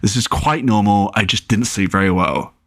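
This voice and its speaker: A man voicing an impatient, sharp-tongued sixteen-year-old girl in a storybook reading. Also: on the low side, normal speed, no echo, studio quality. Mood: dismissive. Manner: impatient, scolding.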